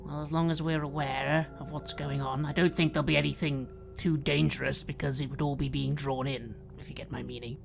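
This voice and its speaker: A woman's voice: sits low, level tone, brisk, creaky, few pauses, over music. A woman playing in a tabletop game, speaking in character in a poised, slightly wry way. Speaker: player.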